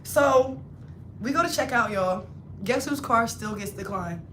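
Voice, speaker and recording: A woman livestreaming a casual storytime, animated and slangy, acting out her friends' voices as she talks. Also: a little high, measured pace, reverberant, a little hiss or hum. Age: adult, not in her twenties. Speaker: hairstylist livestreamer.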